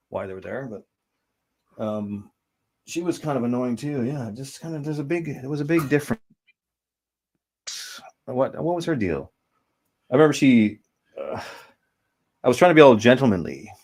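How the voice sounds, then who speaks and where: A man's voice: medium pitch, animated, moderate pace, long pauses, darkish tone. A man chatting casually on a livestream, telling rambling, profane stories and reading out chat messages. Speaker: livestream co-host. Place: lived in Vancouver.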